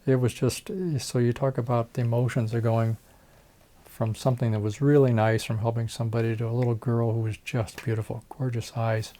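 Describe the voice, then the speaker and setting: A man's voice: medium pitch, level tone, brisk, mellow. Older guy, retired doc telling stories, does the voices of the people in them. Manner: storytelling, reenacts dialogue, chuckles. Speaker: retired facial plastic surgeon. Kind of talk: oral history interview.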